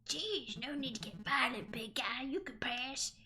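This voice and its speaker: Greedy mocking guard guy , woman doing the voice, squeaky and sneery. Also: measured pace, bright, forceful tone. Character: greedy scruffy male guard, cocky and mocking. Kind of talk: game voice-over read on stream.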